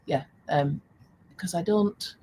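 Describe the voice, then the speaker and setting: A woman's voice: on the low side, takes it slowly, warm tone, slight background noise, rough recording. An older woman hosting a casual live stream, chatty and laughing often as she reads out viewer comments. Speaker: live stream host selling craft supplies.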